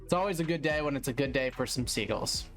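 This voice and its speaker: A male streamer chats through fishing news in a relaxed, offhand way. He drops dry asides and mild curses. Faint music plays underneath his voice. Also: mid-range voice, quick pace. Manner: offhand, wry reactions with mild swearing. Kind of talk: casual live-stream commentary.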